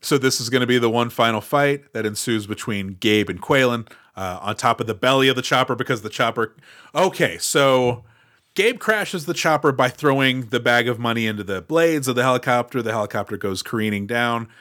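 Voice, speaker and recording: A man's voice: mid-range voice, brisk, pushed and bright. A man co-hosting a casual podcast, rambling with wry, playful sarcasm. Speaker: podcast co-host. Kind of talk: casual chat.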